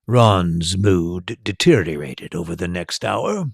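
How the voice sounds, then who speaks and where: A man reads a story aloud at an unhurried pace, his pitch rising and falling with animation. His voice is gravelly and husky, recorded close and dry. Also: lively intonation, no echo. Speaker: storyteller and tour guide. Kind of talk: storybook narration.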